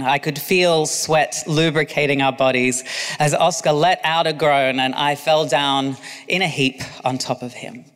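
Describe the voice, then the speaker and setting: A man's voice: on the high side, fairly bright tone, in a large hall. A man narrating his own memoir as an audiobook, with cheeky asides. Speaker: author reading own memoir.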